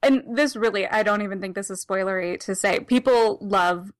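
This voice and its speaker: A woman's voice: medium pitch, moderate pace. A woman co-hosting a podcast in casual chat, rambling, laughing often and correcting herself as she goes. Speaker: podcast co-host. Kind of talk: casual comic discussion.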